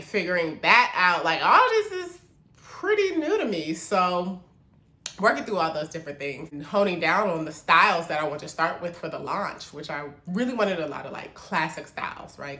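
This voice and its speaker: A young woman talking casually to camera about starting her small business, chatty and animated, calling her viewers y'all. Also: fairly low pitch, reverberant. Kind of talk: casual vlog talk to camera.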